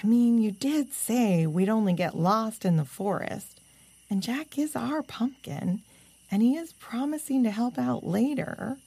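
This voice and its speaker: A woman's voice: a little high, animated, measured pace, dark tone, husky, no room sound, voice pushed up, heavily acted. A woman voicing a timid young girl raccoon-dog twin who hesitates and stammers in a storybook tale. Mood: hesitant. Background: music.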